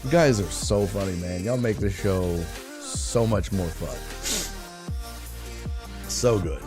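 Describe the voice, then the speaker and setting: A man's voice: deep voice, takes it slowly, over music. Laid-back, swearing sports stream host man. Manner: profane, joking, laughs often. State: sounds rough, a bit hoarse. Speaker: sports talk show host. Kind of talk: casual live-stream chat, reading viewer comments aloud.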